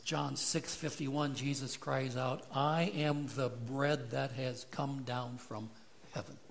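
A man's voice: mid-range voice, steady tone, takes it slowly, creaky, slight background noise. A man preaching an expository sermon, earnest and building in intensity as he explains scripture. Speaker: pastor.

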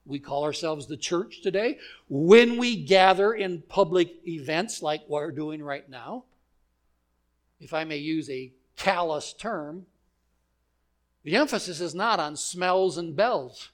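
A man preaching a sermon to a church gathering, measured and emphatic, with deliberate pauses, ending in prayer. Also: fairly high pitch. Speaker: pastor.

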